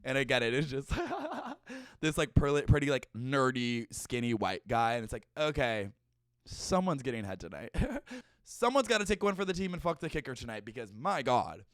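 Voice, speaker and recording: A young man hosts a comedic podcast in a loose, gossipy way, tossing out sarcastic and profane asides. His voice is smooth and resonant, and the sound is close and dry. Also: medium pitch, very animated, moderate pace, no echo. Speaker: podcast host. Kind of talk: casual comedic chat.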